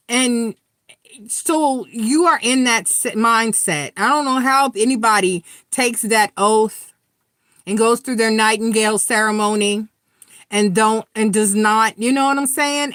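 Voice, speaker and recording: A woman's voice: fairly high pitch, fairly bright tone, no echo, studio quality. A middle-aged woman giving a live tarot reading, talking frankly and earnestly to her viewers and swearing freely. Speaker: tarot reader.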